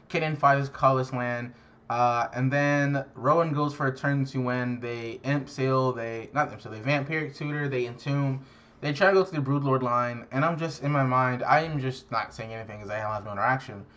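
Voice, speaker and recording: A man's voice: medium pitch, fairly bright tone. Profane exasperated young man, lo-fi. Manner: profane, exasperated, self-mocking. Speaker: card game content creator. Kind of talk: casual tournament recap.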